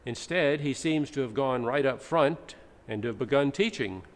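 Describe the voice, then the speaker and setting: In a church sanctuary, a male pastor with a medium-pitched voice preaches at a moderate pace, teaching and explaining with dramatic readings mixed in. The recording is echoey, with faint background noise.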